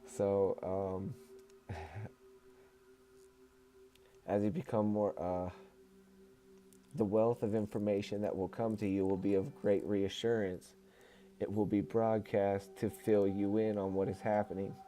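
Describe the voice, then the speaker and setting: A man hosting a livestream, reading a book aloud in a calm, measured way and chatting casually with viewers between passages. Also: on the low side, a little hiss or hum. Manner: calm, measured reading, turning casual and friendly when greeting chat.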